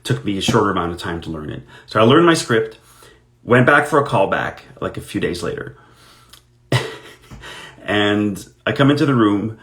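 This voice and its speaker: Low-voiced man chatting while signing. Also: lively intonation, moderate pace, long pauses, a bit bright. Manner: chatty anecdotal storytelling, self-deprecating. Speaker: actor signing autographs on a live stream. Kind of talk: casual chat while signing.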